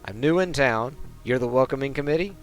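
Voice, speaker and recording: A man's voice: medium pitch, expressive, fairly quick, faint music behind, voice pushed up, lightly acted. A man reading the lines of a guarded, terse female shadowrunner in a game, in his own voice. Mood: dry.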